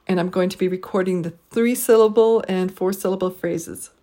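A woman recording a pronunciation lesson, explaining stress and intonation and reading short model phrases slowly and clearly for learners to repeat. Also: fairly low pitch, fairly even intonation, mellow. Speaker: pronunciation teacher. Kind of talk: slow, deliberate language lesson recording.

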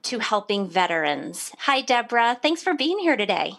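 Woman, podcast co-host, casual chat, bubbly, fairly high pitch. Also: big pitch swings, normal speed, vocal fry, fairly bright tone. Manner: chatty, bubbly, laughs easily.

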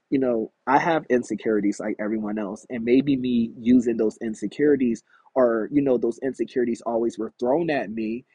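A man with a husky voice hosts a solo podcast, rambling on in a frank and confessional way. He sits outdoors in a backyard, and his voice sounds dry and close, with no room echo. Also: medium pitch, dark tone. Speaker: podcast host. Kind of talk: candid solo podcast monologue.

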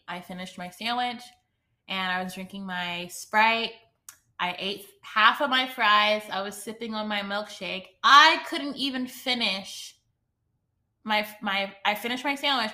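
A woman's voice: mid-range voice, sharp tone. A young woman hosting a podcast, telling a personal story in a rambling, emotional way with many asides. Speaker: podcast host.

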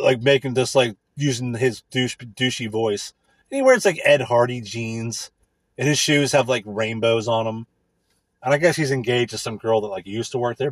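A man in a casual, profane rant, crude, rambling and sarcastic, with a husky voice. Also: on the low side, no room sound.

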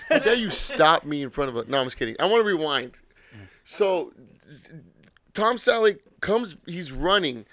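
A man's voice: a little high, moderate pace. A man in his thirties hosting a podcast in casual chat, telling stories with a lot of laughter and swearing. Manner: animated, laughing storyteller who swears freely. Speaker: podcast host.

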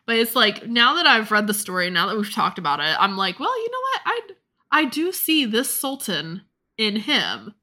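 A woman's voice: medium pitch, sing-song, moderate pace, pushed and bright. A young woman in casual conversation, thoughtfully asking questions and musing aloud. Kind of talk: casual chat.

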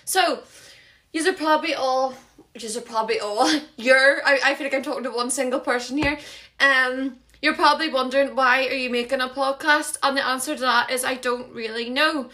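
Young Northern Irish woman hosting her own podcast. Bright, chatty, talks fast and loud with self-conscious asides. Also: high-pitched, fairly even intonation. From Northern Ireland. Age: 20s. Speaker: podcast host. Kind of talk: casual solo chat.

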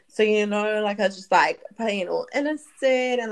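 A woman's voice: medium pitch, a little fast, hardly any pauses. A woman co-hosting a casual chat, telling a crude story bluntly and laughing often.

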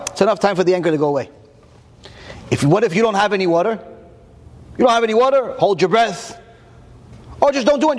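A man giving a Torah lecture to an audience, animated and full of rhetorical questions, often repeating words while he searches for the next one. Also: high-pitched, in a large hall.

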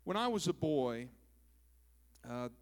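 Male pastor from Minnesota with a resonant, fairly high voice, delivers a joking, homey sermon. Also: big pitch swings, slow, clear, resonant tone. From southern Minnesota, US. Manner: folksy and joking, peppers speech with "praise God" and "amen".

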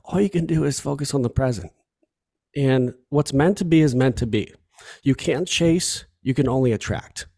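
A man's voice: mid-range voice, moderate pace, vocal fry, a little mellow. A man from Chicago talking earnestly and from the heart as a podcast guest, often repeating himself. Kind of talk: candid conversation.

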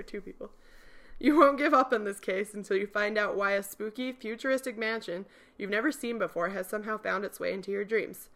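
A woman's voice: mid-range voice, fairly bright tone. A young woman hosting a podcast, reading an interactive mystery game aloud at home and often breaking off to giggle and joke. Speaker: podcast host and game narrator. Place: home room.

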